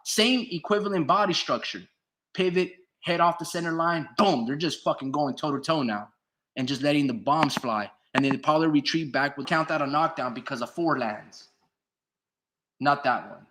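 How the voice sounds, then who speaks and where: A man whose voice sits on the high side, pushed and bright, does casual boxing commentary on a stream, swearing freely. Reading chat comments aloud, he answers and argues with them heatedly. There's a little hiss or hum in the recording.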